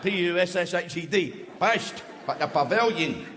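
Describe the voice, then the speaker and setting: A man's voice: high voice, animated, moderate pace, background noise. A man doing a live stand-up routine, telling crude stories with heavy swearing. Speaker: stand-up comedian. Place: large theatre stage. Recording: echoey hall with loud audience. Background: live audience laughing.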